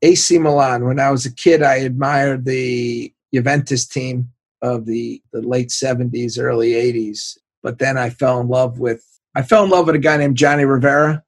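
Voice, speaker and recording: A man in his sixties with a gravelly, husky voice spins lively stories for an interviewer. He slips into the voices of the people he quotes, and his recording is close and dry with no room sound. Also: medium pitch, moderate pace, no room sound. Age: 60s. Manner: animated anecdotes, acts out quoted voices, laughs often. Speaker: sports executive guest. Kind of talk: casual storytelling interview.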